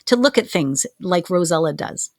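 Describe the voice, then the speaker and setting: A woman co-hosts a podcast and talks earnestly, reflecting as she goes and leaning on fillers. Her voice is on the low side for a woman. The sound is close and dry. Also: lively intonation, normal speed, no echo. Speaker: podcast co-host. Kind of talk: casual podcast chat.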